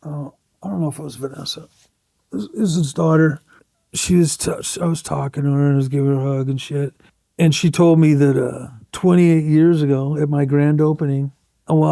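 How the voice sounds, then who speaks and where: In a casual storytelling interview, a middle-aged tattoo artist tells blunt, profane stories and acts out the quotes. His voice is fairly high with vocal fry and a warm tone, recorded cleanly in a studio with no echo.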